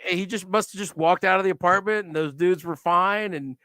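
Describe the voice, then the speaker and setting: A man co-hosting a casual reaction chat, eager and talking in quick bursts with restarts. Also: high-pitched, pushed and bright, no room sound, clean studio sound. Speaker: podcast co-host.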